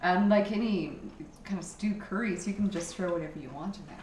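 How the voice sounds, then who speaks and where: A woman's voice: fairly low pitch, a little fast, darkish tone, recorded from a distance, a little hiss or hum. Woman guest running through ingredients, a bit off mic, echoey kitchen, dishes clinking. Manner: practical, lists ingredients with fillers. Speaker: guest cook. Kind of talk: casual chat.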